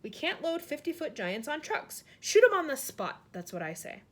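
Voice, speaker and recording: A woman voicing a hot-tempered army general who shouts his indignant lines, read from a storybook. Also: high voice, very animated, normal speed, pitched above the performer's own voice. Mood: blustering.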